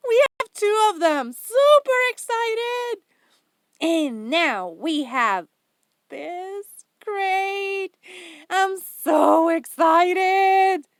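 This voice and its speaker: A woman's voice: high voice, fairly bright tone, no echo, studio quality. A woman hosting a craft haul vlog, gushing and giggling with enthusiasm over each item. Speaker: craft channel host.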